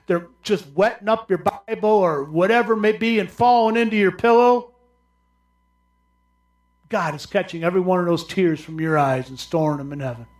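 A male pastor preaching a sermon, swinging from loud, raised cries down to low, quiet murmurs.

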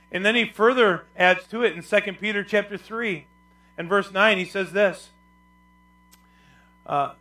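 Middle-aged pastor preaching, bright kinda high voice, goes quiet then builds up loud, gets the church to say words with him. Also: male voice, moderate pace, long pauses. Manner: swings from soft and low to loud, rising emphasis; calls for the congregation to answer back. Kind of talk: sermon.

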